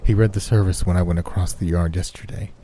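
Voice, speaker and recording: A man's voice: low voice, steady tone, quick pace, background noise, close to an everyday voice. A man voicing the miserable ghost of an executed man, pleading and broken by sobs and whispers.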